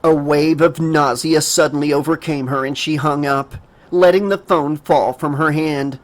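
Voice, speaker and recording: A man narrating a horror audiobook dramatically, raising his pitch for a frightened girl's lines. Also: steady tone, normal speed. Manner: emotive reading, voices the girl in a higher pitch.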